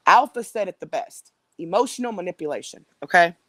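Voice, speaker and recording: A middle-aged woman with a drawl talks straight to her livestream viewers in a loose, rambling way. Her voice sits a little low, and the sound is close and dry with no room echo. She fills her sentences with ums and restarts. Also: very animated, quick pace, hardly any pauses. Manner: chatty, rambling, with frequent fillers and restarts. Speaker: livestream host. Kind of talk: casual livestream commentary.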